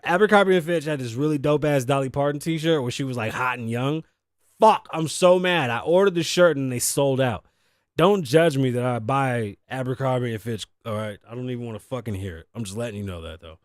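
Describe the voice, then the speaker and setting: A man's voice: mid-range voice, fairly quick, dry recording, clean studio sound. A man hosting a comedy talk show, rambling and swearing freely as he riffs on movies, shopping and news. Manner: profane, rambling, jokey. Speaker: host. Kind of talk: casual comedic commentary show.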